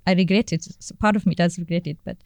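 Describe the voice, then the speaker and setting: A woman speaks as a podcast guest, her voice set a little low with a soft, mellow tone. She talks haltingly, often pausing to find the right word and repeating phrases. The recording is close and dry, with no room sound. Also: steady tone, vocal fry, no echo. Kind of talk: personal story in a podcast interview.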